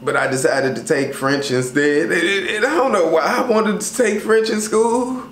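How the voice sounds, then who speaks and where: A man talking casually to camera about travel tips, slangy and animated, full of fillers. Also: high-pitched, moderate pace. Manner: loose, slangy, animated storytelling with many fillers. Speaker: travel vlogger. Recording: roomy sound with faint ambient noise.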